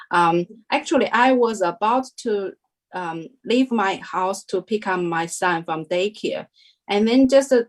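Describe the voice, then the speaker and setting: A young adult woman giving a halting interview testimony, full of fillers and restarts. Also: medium pitch. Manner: hesitant, many fillers and restarts. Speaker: devotee sharing a testimony.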